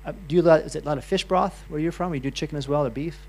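A man's voice: on the high side, rapid-fire, a little mellow. A middle-aged man giving a loose, chatty health talk to a live audience, full of restarts and asides. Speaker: health speaker.

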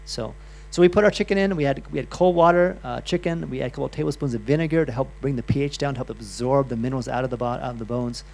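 A man's voice: mid-range voice, quick pace, vocal fry, hardly any pauses, a little mellow. A middle-aged man giving a loose, chatty health talk to a live audience, full of restarts and asides. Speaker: health speaker.

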